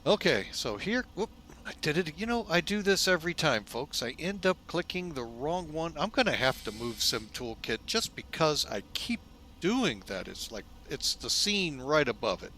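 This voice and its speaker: A man hosting a flight simulator video in a casual, folksy way, relaxed and loose with lots of fillers, often speaking to viewers as folks. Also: a little high, moderate pace. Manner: chatty, folksy, keeps calling viewers "folks". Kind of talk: casual narrated simulator walkthrough.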